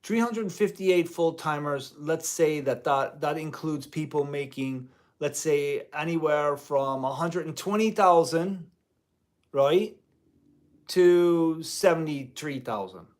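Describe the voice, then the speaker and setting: A man's voice: on the high side, takes it slowly, darkish tone. A man who teaches music part-time, talking in a rambling vlog commentary with many restarts and mild euphemistic cursing.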